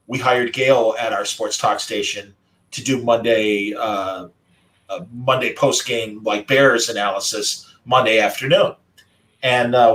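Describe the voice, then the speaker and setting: The audio is poor here as a podcast host with a mid-range voice recounts a story in a casual group chat. His conversational storytelling is warm and carries a former radio broadcaster's delivery.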